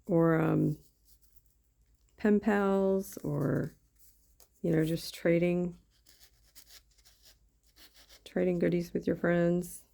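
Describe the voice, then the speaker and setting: A woman with a twang talks her viewers through a craft project, rambling and thinking aloud as she goes. Her voice sits low, with a gravelly fry and a dark, mellow tone. She sounds like she is recording at her craft table at home on a camera mic. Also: steady tone, very slow, pauses often. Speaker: craft YouTuber. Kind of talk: casual craft-along chat.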